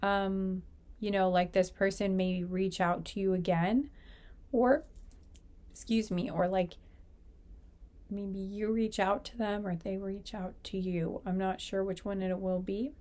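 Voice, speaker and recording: A woman's voice: mid-range voice, fairly even intonation, measured pace, warm tone. Chatty woman doing a tarot reading. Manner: rambling, filler-heavy talk full of "like" and "you know". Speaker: tarot reader. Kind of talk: casual pick-a-card tarot reading.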